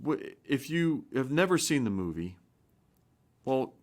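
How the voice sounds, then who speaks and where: A man's voice: mid-range voice, big pitch swings, unhurried. A man in his fifties, a pastor giving an informal spoken sermon, earnest and rambling, with frequent restarts and rising emphasis. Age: 50s.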